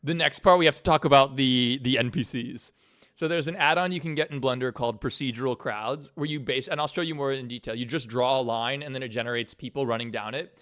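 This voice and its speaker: A man of ordinary pitch talks on a casual stream about his own animation work. He is relaxed and joking, swears freely and breaks into laughs. His tone stays loose and conversational. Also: quick pace. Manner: laid-back, swears casually, laughs often. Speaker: animator and channel host.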